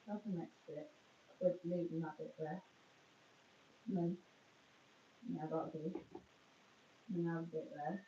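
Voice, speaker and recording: A woman's voice: sits low, steady tone, measured pace, pauses often, warm tone, a little hiss or hum. A woman chatting casually on a live stream from her phone, rambling and poking fun at herself. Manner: rambling, chatty, self-mocking. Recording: dull, echoey, far from phone mic.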